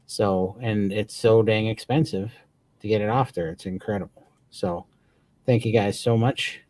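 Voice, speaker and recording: Low-voiced man, eager livestream co-host. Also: fairly even intonation, unhurried, darkish tone, dry recording. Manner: enthusiastic, grateful, rambling. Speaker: podcast co-host. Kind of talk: casual livestream chat.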